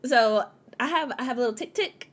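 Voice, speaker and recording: A woman hosting a casual livestream chat, chatty and quick to laugh as she talks straight to her viewers. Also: fairly high pitch, a bit bright. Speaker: podcast host.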